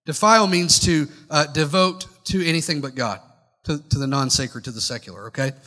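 A man's voice: on the high side, a little fast, bright, forceful tone. A male pastor delivering a sermon, speaking conversationally with wry asides and putting questions straight to his congregation. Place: church sanctuary. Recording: long hall reverb from church sanctuary.

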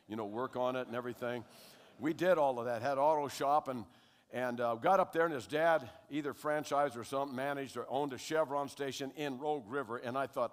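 Older man telling his story in a big hall. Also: medium pitch. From United States. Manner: animated storyteller who keeps checking in with the audience. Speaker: guest speaker giving his testimony. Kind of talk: spoken testimony to a congregation. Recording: long hall reverb.

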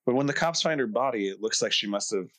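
A man's voice: medium pitch, animated, fast talker, a bit bright, no room sound. Giggly man cracking jokes. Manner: giggly, jokey asides. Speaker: podcast co-host. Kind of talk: casual film discussion.

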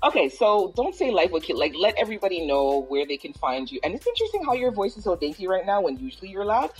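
A woman's voice: medium pitch, very animated, quick pace, soft background music, low-quality recording. A woman from Toronto hosting a casual podcast chat, playful and loose, dropping Caribbean slang. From Toronto, Canada. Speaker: podcast host.

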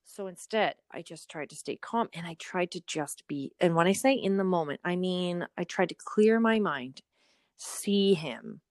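A woman in her thirties co-hosting a podcast, chatting casually and telling animated stories. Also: lowish voice, a little slow, no room sound, studio quality. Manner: animated storytelling, acts out inner voices. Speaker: podcast co-host. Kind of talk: casual chat.

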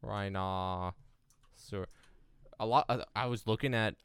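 A man's voice: lowish voice, unhurried, clean tone, no echo. A man co-hosting a casual podcast chat, rambling and hesitant, often trailing off and starting over. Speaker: podcast co-host.

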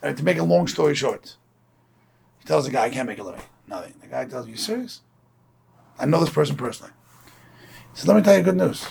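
A man's voice: mid-range voice, fast, vocal fry, pauses often. A man from Brooklyn giving an informal Torah lecture, telling stories in a conversational way and acting out the people he quotes. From Brooklyn, New York. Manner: conversational, storytelling with animated quoted voices. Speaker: Torah class teacher.

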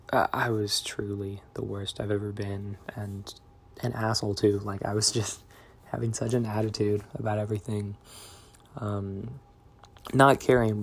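Low, flat-voiced young man musing. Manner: reflective, meandering, soft-spoken. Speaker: vlogger. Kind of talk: confessional diary vlog.

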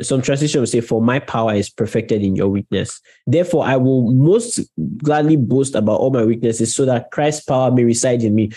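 Man, preacher, sermon, mellow tone, conversational, emphatic, talks to listeners. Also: mid-range voice, husky. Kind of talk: sermon teaching.

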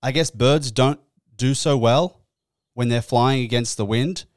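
Animated man, dry close sound. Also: medium pitch, unhurried, no room sound. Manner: animated, exasperated, swears freely. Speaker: podcast host. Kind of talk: comedic storytelling podcast. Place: indoors.

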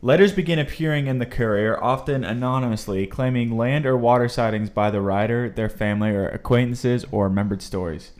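A man's voice: medium pitch, brisk, few pauses, darkish tone. A young man co-hosting a casual podcast, reading facts aloud from his notes with easy chatter. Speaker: podcast co-host.

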